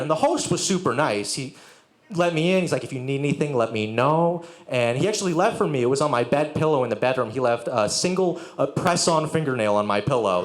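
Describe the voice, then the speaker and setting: A young man doing a sardonic stand-up set with crowd work and profanity at a live venue. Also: a little high. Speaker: stand-up comedian. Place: live music venue with audience. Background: audience laughter.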